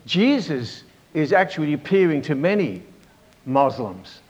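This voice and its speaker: Halting preacher man, lo-fi recording. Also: on the high side. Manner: halting, with many fillers and restarts; asks the congregation for amens. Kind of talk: sermon, Bible teaching. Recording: dull lo-fi recording.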